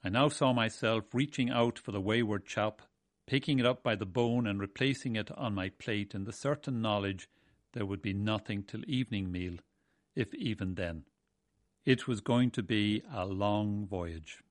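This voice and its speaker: A man from Ireland, narrating a memoir of his seafaring days in a measured, wry way. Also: lowish voice, no echo. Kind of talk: first-person storytelling.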